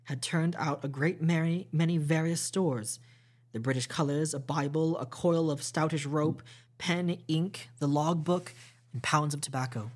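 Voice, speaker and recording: Steady and measured with occasional small slips, a podcast host narrates a classic novel for storytime in a voice on the high side.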